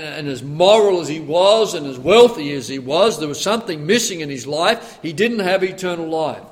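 A middle-aged man preaching a sermon, reading scripture aloud and telling stories from his own life. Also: a little high. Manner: earnest, quotes scripture in old English, tells personal anecdotes.

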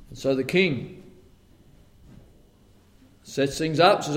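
Man preaching in a reverberant hall, acting out story voices, a little higher than typical. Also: unhurried. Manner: animated storytelling, acting out the characters' lines. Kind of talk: sermon retelling a Bible story. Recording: long reverb of a large hall.

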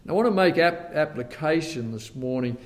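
A man preaching a sermon, retelling a Bible story with lively storytelling and acting out the characters' lines. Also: on the high side, fairly quick. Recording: long reverb of a large hall.

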